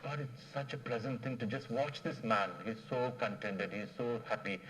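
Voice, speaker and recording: A wise, gentle old king, as a man telling a folk tale puts him on. He speaks softly and with wonder. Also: mid-range voice, normal speed, close to an everyday voice, low-quality recording. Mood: awed.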